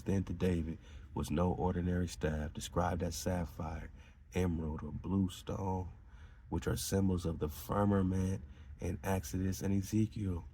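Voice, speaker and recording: Male podcast host, deep and husky, slow, emphatic lore riffing. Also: warm tone. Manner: emphatic, preachy, laughs between lines. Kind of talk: reading aloud and riffing on esoteric lore.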